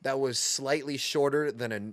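A young man co-hosting a podcast, telling dark jokes in a flat deadpan way in a small studio. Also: mid-range voice, normal speed, no echo. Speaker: podcast co-host. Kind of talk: casual chat.

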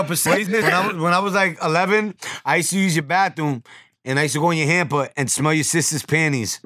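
A man's voice: fairly high pitch, animated, fairly quick, background noise. Profane New man telling stories. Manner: profane storyteller who acts out other people's lines. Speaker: podcast host. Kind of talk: crude casual chat.

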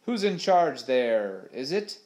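A man's voice: mid-range voice, a little slow, lightly acted. A man voicing a bumbling, nervous male pirate sidekick who stammers and gets flustered.

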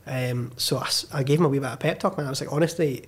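A man's voice: medium pitch, quick pace, slightly rough. A young Scottish man, a filmmaker on a podcast, telling a story animatedly and swearing freely as he acts out the quotes. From Scotland. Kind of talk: casual storytelling chat.

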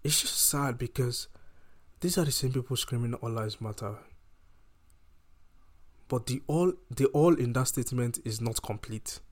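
A man's voice: medium pitch, measured pace, pauses often. A man delivering an impassioned, heated rant to his audience, emphatic and often repeating and restarting his phrases.

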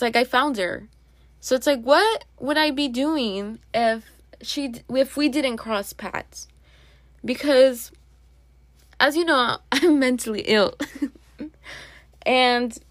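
A young woman with a fairly high voice talks straight into the mic in a dry, close sound, rambling through a confessional solo monologue. She swears casually and drops into near-whispers when things get heavy. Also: a bit bright, no echo. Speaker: podcast host. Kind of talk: personal monologue.

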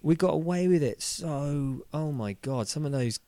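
Man, podcast co-host: animated, laughing, swears freely, dry close sound. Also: on the high side, normal speed, no echo. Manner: animated, laughing, swearing, lively mock voices. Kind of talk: casual chat.

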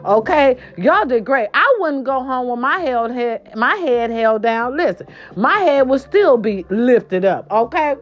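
A woman hosting a casual gossip show, sassy and animated, swearing freely, with a hoarse voice from a sore throat. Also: high voice, unhurried, dull audio. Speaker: host.

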